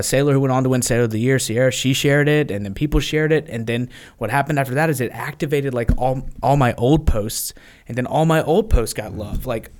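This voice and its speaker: Man, casual podcast guest, lively storytelling, mid pitch. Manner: animated, acts out quotes, many fillers.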